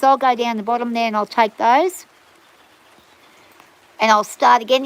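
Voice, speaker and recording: Out in the rain on her farm, this middle-aged woman speaks in a high voice with an Australian bush accent. She chats casually and rambles to livestream viewers, and the recording is rough.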